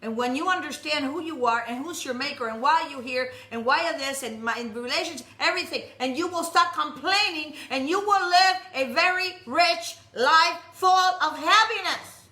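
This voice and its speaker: A woman preaches with a high, piercing voice. She is forceful and commanding, and she calls out to the congregation. The sound echoes around the temple room. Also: brisk, few pauses. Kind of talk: sermon. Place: messianic temple.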